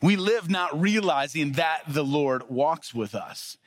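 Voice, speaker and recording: A male pastor preaching a casual sermon, telling stories and acting out the quoted lines with lively energy. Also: a little high, slow pace, no room sound. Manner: storytelling with lively acted-out quotes.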